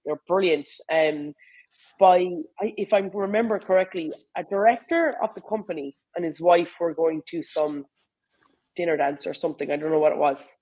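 A woman with an Irish accent chats in an easy, animated way as an interview guest. Her speech runs on with fillers and quick asides as she tells stories. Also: on the low side, lo-fi sound. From Ireland. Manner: animated, chatty, lots of fillers. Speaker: rugby player and coach, guest. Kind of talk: casual conversational interview.

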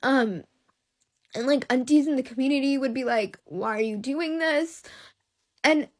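A woman's voice: high voice, a little slow. A young woman talking to camera in a casual, heartfelt way, emotional and close to tears, rambling with lots of likes and ums. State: tearful. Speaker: social media creator.

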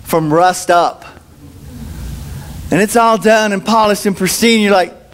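A man's voice: high voice, unhurried, slight background noise. A man preaching a sermon at a church service in a humorous, conversational way, telling stories and acting out the dialogue in changing voices. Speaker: pastor.

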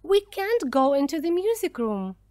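Woman doing a scared teenage girl, high and pleading. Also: sing-song, moderate pace, warm tone.

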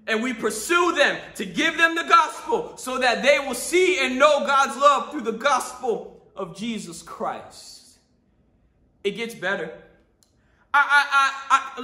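A male pastor preaching a sermon, often shouting with emphasis, laughing between points, and asking himself questions. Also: very high-pitched, reverberant. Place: church sanctuary.

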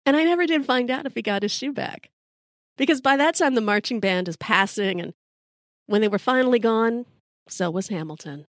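A middle-aged woman with a drawl spins a comic tale, dry and wry in her timing. Her voice sits a little high and is recorded close and dry, with almost no room sound. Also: fairly quick, no echo. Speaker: podcast host. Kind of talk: storytelling.

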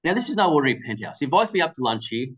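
A man presenting at a webinar, rattling through an anecdote at a brisk clip. His voice sits a little higher than most men's, and he slips into quoted dialogue as he tells the story. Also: sing-song, a bit bright, breathy edge, lo-fi sound.

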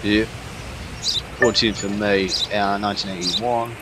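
A man's voice: fairly low pitch, steady tone, unhurried, very noisy. A man giving comedic, swearing gameplay commentary in a cocky, mock-tough tone. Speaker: gaming commentator.

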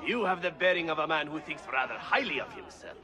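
A man's voice: on the high side, expressive, fast talker, pushed and bright. An actor playing a haughty man who taunts others in a sneering, condescending way.

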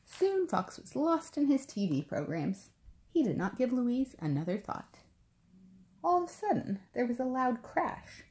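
A woman reading a picture book aloud to preschoolers, gentle and expressive. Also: a little high, unhurried. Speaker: preschool storytime reader.

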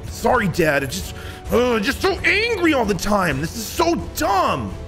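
Petulant teen boy superhero, lively swinging voice, fairly high, music behind as a man voices him. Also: measured pace, full character voice. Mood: defiant. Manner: whiny, complaining, petulant. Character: sulky teenage superhero boy, angry and defiant.

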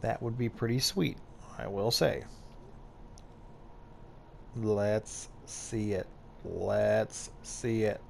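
A man's voice: on the low side, drawn-out words, gravelly, pauses often, a little hiss or hum. A man giving casual gameplay commentary as a YouTuber, hyped and joking at himself. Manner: hyped, self-mocking banter. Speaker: gaming YouTuber.

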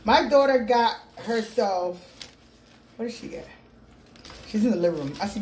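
A middle-aged vlogger talks casually with her viewers in a mukbang video, calling them "people," at a normal speed. Her medium-pitched voice is a little mellow with lively intonation. The recording comes from a phone with a small clip-on mic in an echoey home room, with a faint hum underneath.

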